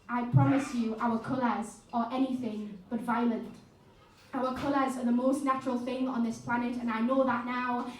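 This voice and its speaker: High-voiced woman performing spoken word poetry. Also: a little hiss or hum. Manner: impassioned, rhythmic delivery with chatty asides. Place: live music venue stage. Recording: echoey room, mic at a distance.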